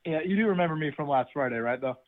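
A man's voice: on the high side, animated, quick pace. Eager male caller on a phone line. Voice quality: eager, chatty, with filler "uh". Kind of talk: phone call-in story.

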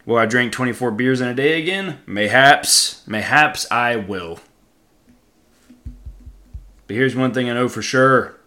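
A young man hosting a casual solo podcast, rambling and joking, with sudden loud outbursts. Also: mid-range voice, a little slow, pauses often. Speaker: podcast host.

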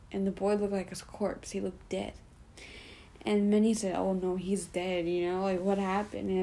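A woman with a mellow, warm voice at a middle pitch retells a Bible story in her own casual words. She talks loosely and chattily, sprinkling in "like" and "you know" as she goes. Now and then she stops to explain the meaning in plain terms. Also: rough recording. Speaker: Bible study leader.

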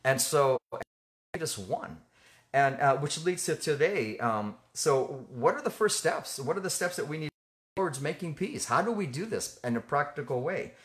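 Earnest man teaching in halting speech. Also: a little high, lively intonation. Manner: earnest, halting, with many fillers and restarts. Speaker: ministry co-host. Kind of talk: conversational faith teaching.

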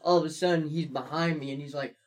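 Young dude swearing a lot, telling funny work stories, laughing through them. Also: male voice, a little high, fairly even intonation, fast. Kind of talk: casual chat.

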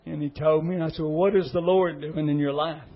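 A man's voice: a little high, steady tone, fairly quick, muffled recording. A middle-aged man, an associate pastor giving an earnest, emotional testimony sermon. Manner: emotional, earnest, repetitive pleading.

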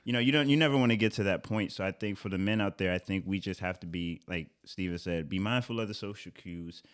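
A man co-hosting a podcast in casual chat, animated and laughing often as he acts out quotes. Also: deep voice, fast talker. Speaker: podcast co-host.

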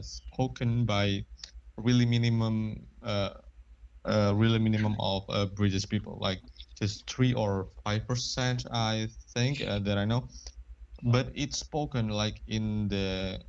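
Hesitant man with a fairly low voice. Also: dull audio. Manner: hesitant, many fillers and restarts. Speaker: student discussion participant. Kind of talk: casual discussion.

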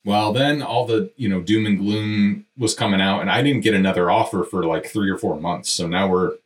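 Low-voiced man telling a blunt story. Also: normal speed. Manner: blunt and frank, swears casually; conversational, addresses listeners directly. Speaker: podcast host and real estate developer. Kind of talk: candid storytelling monologue.

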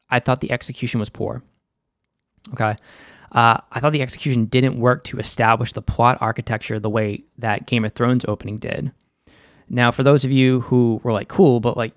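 A man's voice: medium pitch, dry recording, studio quality. A young man with a Boston accent hosting a casual, slangy and opinionated episode recap. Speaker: show recap host.

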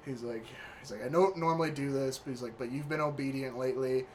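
A man's voice: medium pitch, fast talker, slight background noise. A young man telling stories in a loose, profane, laughing way during a casual chat. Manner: profane, laughing, animated retelling.

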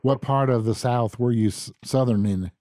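A man's voice: mid-range voice, moderate pace, dark tone, no echo, clean studio sound. A man hosting a podcast interview, enthusiastic and folksy, joking with his guest. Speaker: podcast host.

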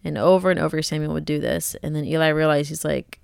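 A woman's voice: sits low, level tone, fast talker, creaky, darkish tone, clear, resonant tone, dry recording, studio quality. A young woman hosting a faith podcast, talking in an earnest, conversational, encouraging way. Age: young adult. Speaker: podcast host.

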